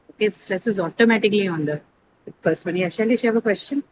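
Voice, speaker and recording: A woman's voice: mid-range voice, fast. Woman teacher explaining over noisy line. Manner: explanatory, often checks with "right?". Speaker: English teacher. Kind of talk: online class lecture.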